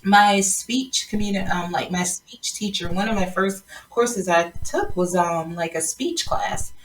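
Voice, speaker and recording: A woman's voice: medium pitch, animated, measured pace, soft background music. Chatty woman host on a distant mic. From South Georgia, US. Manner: chatty, laughs often, many fillers. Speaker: podcast host. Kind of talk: casual interview chat. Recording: distant mic with faint noise.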